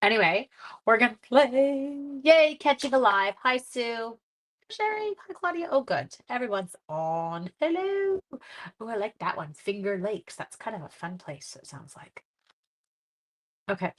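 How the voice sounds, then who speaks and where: A woman's voice: fairly high pitch, lively intonation, measured pace. Woman from Canada, stuffy-nosed craft host, chatty and giggly with rambling asides, live demo. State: congested. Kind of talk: live card-making demo and chat.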